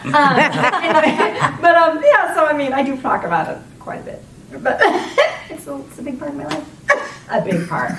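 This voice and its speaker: A woman's voice: high-pitched, lively intonation, moderate pace, a bit bright. A woman in her forties, a voice actress on a convention panel, talking in a chatty, rambling way and laughing often. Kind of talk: casual panel Q&A. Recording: roomy hall, distant from mic, faint noise.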